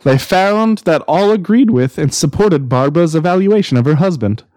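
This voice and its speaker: A man hosting a casual podcast, reading a story aloud with dramatic pauses and laughing often. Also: a little high, animated, darkish tone, dry recording. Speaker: podcast host.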